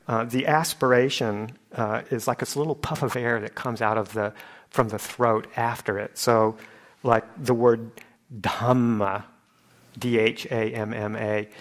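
A man's voice: on the low side, a bit bright. A man explaining Pali chanting and pronunciation in an informal class, speaking patiently with fillers and light chuckles as he acts out sounds.

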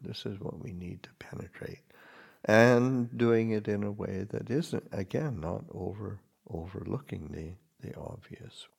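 Husky, gravelly-voiced monk giving a dharma talk. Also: male voice, low voice. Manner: halting, gentle, with many restarts. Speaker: Buddhist monk teacher.

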